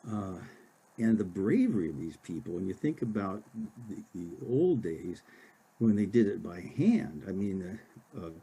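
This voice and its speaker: An older man from Oregon, an author giving a casual library talk, halting with many fillers and restarts. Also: on the low side, dark tone, slightly rough.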